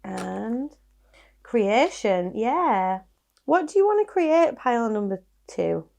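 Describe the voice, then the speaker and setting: A woman's voice: a little high, big pitch swings, slow, vocal fry, a little mellow. A woman with a Yorkshire accent giving a casual tarot reading, chatty and reassuring as she muses over the cards. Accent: Yorkshire English. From Yorkshire, England. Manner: chatty, musing, reassuring, with small laughs and restarts. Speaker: tarot reader.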